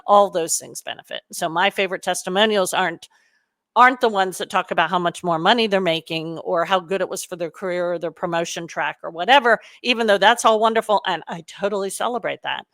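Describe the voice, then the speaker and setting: A middle-aged woman, a career coach giving a casual, animated webinar talk to her audience with frequent fillers. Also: medium pitch, fairly quick, dry recording.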